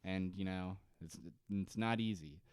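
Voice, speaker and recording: Man, podcast co-host, rambling casual recap, smooth voice, dry close sound. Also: deep voice, a little mellow, dry recording. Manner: rambling, laughing, quick to joke. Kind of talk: casual chat recapping a TV episode.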